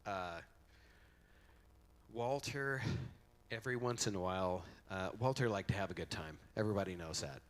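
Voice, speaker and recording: In a convention hall, a middle-aged man holds a mic and offers a rambling, humorous eulogy, acting out quotes as he tells stories. His voice is deep, his speed normal, and he pauses often.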